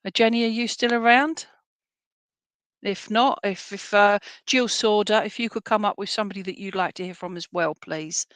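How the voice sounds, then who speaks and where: A woman with an English accent giving clairvoyant readings at an online spiritualist service, chatty and halting, with many fillers and restarts, speaking from home. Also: mid-range voice, a bit bright, clear, resonant tone, no echo. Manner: laughs easily between readings. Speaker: spiritualist medium. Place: at home, indoors.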